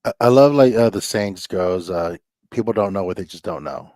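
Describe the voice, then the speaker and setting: A man co-hosting a casual talk show, relaxed and laughing along with his partner. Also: sits low, a little fast, dry recording, clean studio sound. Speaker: podcast co-host. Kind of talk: casual chat.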